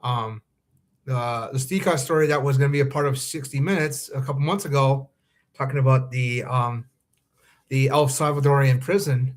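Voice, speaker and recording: A podcast host with a mid-range voice and fairly even intonation talks at normal speed in a live-streamed commentary monologue for his fan podcast. He sounds earnest and anxious, with many ums and restarts.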